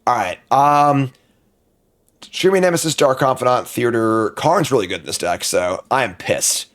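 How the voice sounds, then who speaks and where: A man's voice: medium pitch, lively intonation. A man streaming a card game draft, talking casually to himself as he weighs each pick, muttering and now and then flaring up in frustration. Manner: muttering, thinking aloud, quick outbursts of frustration.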